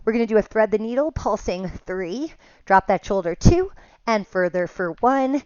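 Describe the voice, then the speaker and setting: A woman teaching a pilates class, giving calm step-by-step cues and counts, a little out of breath at times. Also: medium pitch, moderate pace, clear, resonant tone, dry recording, highs cut off. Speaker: pilates instructor. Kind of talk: guided exercise class cues.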